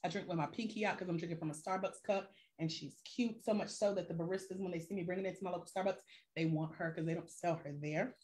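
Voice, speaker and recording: A woman's voice: fairly low pitch, fairly even intonation, quick pace, a little mellow. A woman life coach on a live stream who talks straight to her viewers with casual slang and rhetorical questions.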